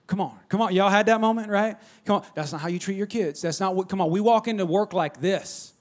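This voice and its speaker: A pastor delivers an animated sermon in a high voice at a slightly fast clip. He swings between loud calls and soft near-whispers, prompting the congregation to respond.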